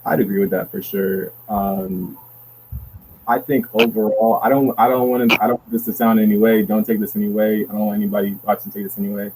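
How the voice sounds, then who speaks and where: A young man with a fairly low voice answers on a panel, carefully hedging before he makes his point. A faint hum of noise sits behind him. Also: flat delivery, brisk, a little mellow, low-quality recording. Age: young adult. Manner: cautious, hedging his words.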